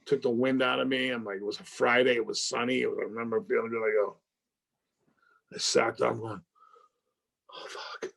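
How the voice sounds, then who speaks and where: A middle-aged man talks in a gravelly, rough-edged voice. He tells his story with energy, acting out the phone calls and bursting into exclamations and curses as he goes. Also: medium pitch, fairly even intonation, fairly quick. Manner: acts out phone calls with swearing and loud exclamations. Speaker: actor interview guest. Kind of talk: animated storytelling in conversation.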